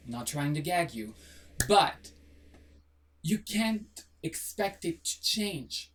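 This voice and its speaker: Sassy manifestation vlogger, blunt, lots of rhetorical questions, mid pitch, sits a bit back from the mic. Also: recorded from a distance. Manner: swears casually, apologizes jokingly. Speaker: manifestation video host. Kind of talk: motivational monologue to camera.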